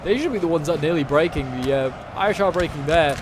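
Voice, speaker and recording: Guy narrating a war game battle, bit high voice, chatty and wry, noisy background hum. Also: fast. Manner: chatty play-by-play, wry asides. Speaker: gameplay commentator. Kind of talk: strategy game battle commentary.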